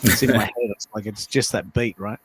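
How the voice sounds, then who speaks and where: A man's voice: lowish voice, a little fast, slightly rough. A man talking casually as a guest on a live panel, often restarting words as he goes. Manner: animated, self-correcting restarts.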